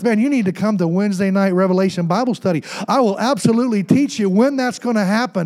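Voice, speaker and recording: A pastor preaching a Pentecostal sermon, calling to the congregation with repeated "hello" and "amen" and building to shouts. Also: male voice, high voice, fast, few pauses.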